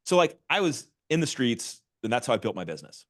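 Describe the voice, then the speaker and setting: A middle-aged man talking casually as a podcast guest, animated and quick to restart his sentences with repeated words. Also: medium pitch. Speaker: podcast guest, author and marketing executive. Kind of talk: casual interview talk.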